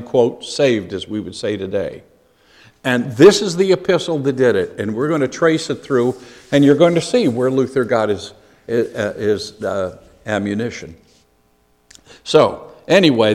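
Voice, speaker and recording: A man with a mid-range, somewhat dark voice teaches a Bible study lesson. He is earnest and repeats key phrases for emphasis, and the recording carries the long reverb of a large hall.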